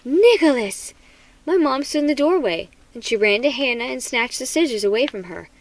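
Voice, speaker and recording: A woman reading a children's horror book aloud in an expressive, dramatic manner. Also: fairly high pitch, fairly quick, a little hiss or hum, poor audio. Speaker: storybook reader.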